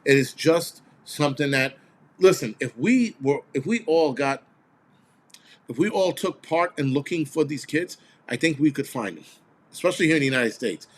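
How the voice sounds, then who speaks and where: A man's voice: on the high side, animated, normal speed, a little hiss or hum. Blunt, profane man ranting. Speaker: host of a prepper channel. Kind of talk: casual ranting video monologue.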